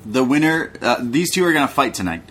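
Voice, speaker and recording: A man's voice: medium pitch, very animated, a little fast, fairly bright tone, slight background noise. A young man co-hosting a podcast, casually recapping wrestling in a laid-back, jokey way with plenty of swearing. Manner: laid-back, profane, jokey, mimics people. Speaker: podcast co-host.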